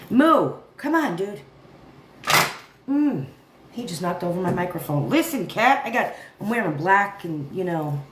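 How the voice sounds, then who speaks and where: A woman rambles through a casual livestream, sounding tired and loose as she laughs and talks to her audience and her cat. Her voice bounces around an echoey room. A faint hiss sits under it. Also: mid-range voice. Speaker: livestream commentary host.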